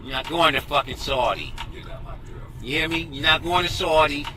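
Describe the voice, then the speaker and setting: A man's voice: a little high, normal speed, over music, lightly acted. A man voicing a bossy, abusive father of a young boxer in a comedic skit, swinging between cursing threats and coaxing. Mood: menacing.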